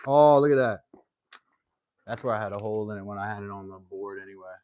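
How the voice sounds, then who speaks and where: A man's voice: on the low side, quick pace, darkish tone, slight background noise. A man in a workshop, chatting casually on a live stream and explaining his leatherwork as he goes. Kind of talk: casual live-stream chat while working.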